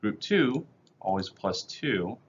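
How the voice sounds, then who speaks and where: A man's voice: on the low side, lively intonation, measured pace, highs cut off. A male chemistry teacher giving a recorded lecture over slides, explaining step by step in a plain, methodical way with casual fillers.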